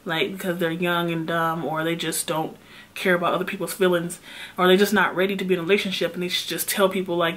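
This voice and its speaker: A young woman vlogger retelling a personal story in an animated, emphatic way, swearing often. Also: fairly low pitch, quick pace. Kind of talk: storytime vlog.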